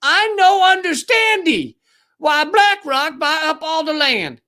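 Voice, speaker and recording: Man doing a slow, dopey Southern pundit. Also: very high-pitched, sing-song, bright, forceful tone, pitched above the performer's own voice, heavily acted. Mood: mock puzzled. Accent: put-on Southern US. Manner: slow, exaggerated mock bewilderment. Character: dim, puzzled male TV pundit, mock Southern drawl.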